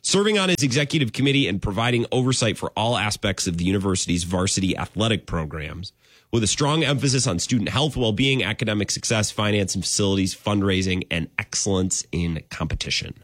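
Animated husky sports radio host. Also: male voice, a little fast, no room sound, studio quality. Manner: animated, rambling, sudden jumps in pitch.

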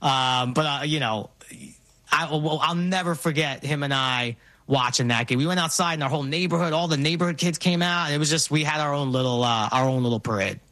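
A man in his forties from New York, with a slightly high, bright, forceful voice. He tells stories in an animated way during casual conversation, often restarting sentences. He talks like a co-host chatting with friends. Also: a little fast, no room sound. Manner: animated storyteller, frequent restarts. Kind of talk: casual chat.

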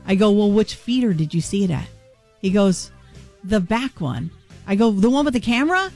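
A woman co-hosting a radio show, telling a story with lively acted-out dialogue. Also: mid-range voice, a little fast, faint music behind. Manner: animated storyteller acting out both sides of a conversation. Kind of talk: casual radio chat.

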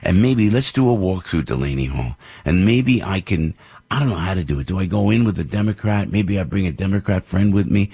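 An older man hosting a show and delivering an indignant, fired-up political rant that climbs toward shouting. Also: low voice, animated, fairly quick, gravelly, slightly rough. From New Jersey. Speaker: radio show host.

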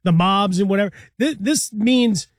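A man with a fairly high voice, co-hosting a sports show in a relaxed, wandering way and reaching for homespun comparisons. The sound is dry and close, recorded right on the mic. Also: normal speed, dry recording. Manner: relaxed, rambling, uses folksy analogies. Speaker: sports talk show co-host. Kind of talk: conversational sports radio analysis.

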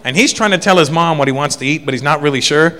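Stand-up comic man, high voice, long hall reverb, faint noise. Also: fast, bright, forceful tone. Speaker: stand-up comedian. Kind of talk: stand-up routine. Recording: distant, reverberant stage.

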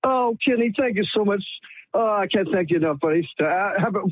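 A man's voice: sits high, lively intonation, fairly quick, no echo. Effusive stammering male caller. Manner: effusive, stammering, repeats words. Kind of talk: emotional call-in.

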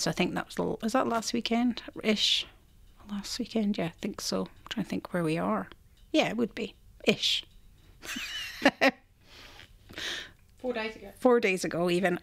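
A woman's voice: fairly low pitch, creaky, fairly bright tone. A middle-aged Scottish woman presenting a radio show, chatting casually and laughing as she tells a story. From Scotland.

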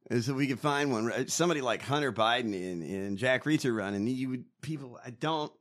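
A man's voice: mid-range voice, a bit bright. A man co-hosting a podcast, ranting in crude, mocking political banter. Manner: crude, mocking, rapid rants. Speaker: podcast co-host.

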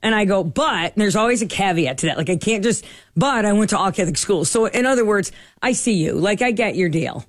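A middle-aged woman host in casual chat, telling stories in an animated way and acting out what people said. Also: medium pitch, brisk, no room sound, clean studio sound. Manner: animated, acts out quoted dialogue.

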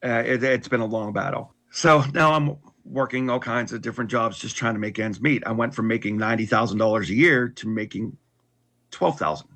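Husky-voiced man telling his story candidly. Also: mid-range voice, fairly quick, a bit bright. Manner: candid, with frequent restarts and wry laughs. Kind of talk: casual personal storytelling.

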